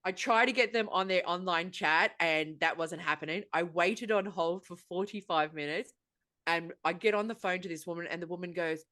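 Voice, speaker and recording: A woman's voice: on the low side, normal speed, pushed and bright. A woman with an Australian accent hosting a casual podcast chat, telling a long story in an exasperated, sweary way. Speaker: podcast host.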